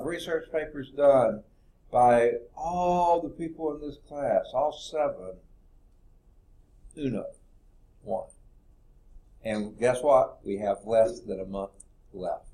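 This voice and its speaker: A math professor gives a classroom lecture, rambling and thinking aloud with lots of okays. His voice sits a little high and has a darkish tone.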